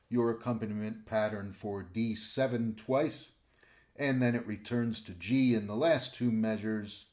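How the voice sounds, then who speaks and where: A man with a sick, rough voice calmly explaining banjo accompaniment patterns as a teacher. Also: lowish voice. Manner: calm, methodical explaining. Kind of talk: instructional talk.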